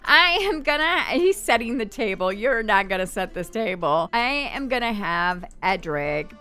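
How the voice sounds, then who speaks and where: Bright, chatty woman gaming host. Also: medium pitch, expressive, clear, resonant tone. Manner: chatty, voices her Sims' thoughts in quick asides. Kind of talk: casual gameplay commentary. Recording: faint background game music.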